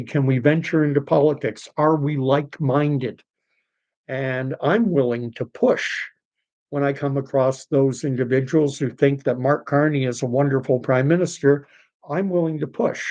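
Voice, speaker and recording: A man's voice: mid-range voice, a little mellow, highs cut off. A Canadian man hosting an unscripted livestream, talking things through in a conversational way with fillers and restarts. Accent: Canadian English. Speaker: podcast host.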